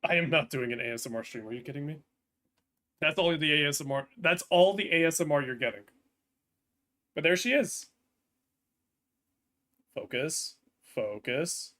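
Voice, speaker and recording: A man's voice: mid-range voice, sharp tone. A man chatting casually on a live stream, hesitant with frequent ums and restarts.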